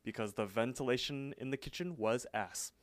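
Guy on a podcast going over a cartoon episode, smooth clear voice, dry close sound, middle pitch. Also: no echo. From England. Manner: retells scenes with quick quoted lines, loose and chatty. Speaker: podcast co-host. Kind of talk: casual recap chat.

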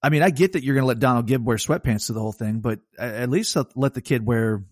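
A man's voice: medium pitch, quick pace, breathy edge, no room sound, studio quality. A man on a podcast as a guest, talking about a film in a puzzled, questioning way. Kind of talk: casual film chat.

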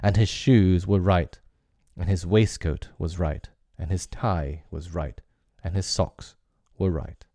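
A man reading a classic story aloud as narrator, in a measured and expressive storybook way. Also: low voice, no echo.

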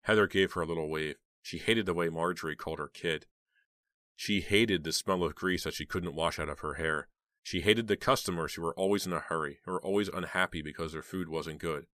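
A man narrating a horror novel as an audiobook in a steady, even storytelling manner. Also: low-pitched, a little fast, dry recording, clean studio sound.

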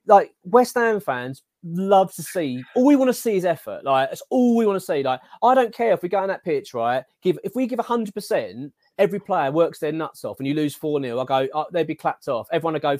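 A man's voice: on the high side, a little fast, hardly any pauses, dry recording, clean studio sound. A man, hosting a casual football podcast and ranting animatedly, stumbling over his words. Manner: animated, ranting, filler-heavy. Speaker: podcast host.

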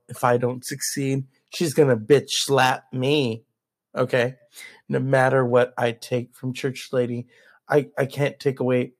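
Husky, slow-talking podcast host man. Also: medium pitch. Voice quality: husky, swearing, playful. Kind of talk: casual comedic chat.

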